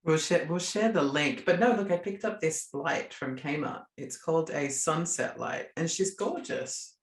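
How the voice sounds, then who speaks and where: A man's voice: a little high, measured pace, roomy sound. A man, joking cheekily and campily as a podcast co-host. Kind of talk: casual chat.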